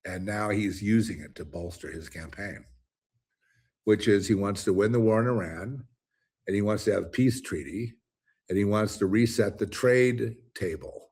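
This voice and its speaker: Speaking at a normal speed, this commentary host has a lowish, husky voice with a darkish tone. Alone on his show, he delivers an emphatic, rambling rant, restarting often.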